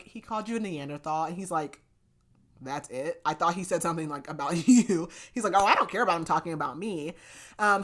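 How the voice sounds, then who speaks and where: A young woman casually recapping a romance novel for a podcast, chatty and full of fillers like "like". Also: lowish voice. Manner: chatty, filler-heavy retelling with lots of "like". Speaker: book review podcast host.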